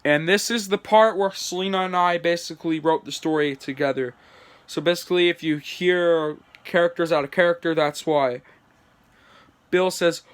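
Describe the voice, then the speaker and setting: A man's voice: fairly high pitch, normal speed, clear, resonant tone. A man reading his homemade story aloud, with chatty asides and small stumbles. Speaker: channel creator.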